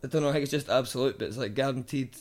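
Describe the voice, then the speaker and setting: A man's voice: medium pitch, racing, soft background music. A man chatting on a podcast, asking rambling questions. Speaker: podcast co-host. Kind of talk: casual chat.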